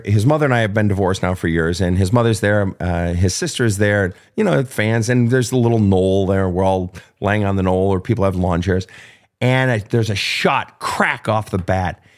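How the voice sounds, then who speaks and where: Candid, low-voiced man telling a story. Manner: candid and animated, swears freely, laughs at himself. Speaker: podcast host answering listener questions. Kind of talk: casual storytelling and advice.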